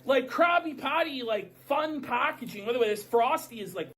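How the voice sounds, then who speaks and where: A woman ranting in a commentary video, shouting in profane mock outrage. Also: high voice, expressive, moderate pace, husky.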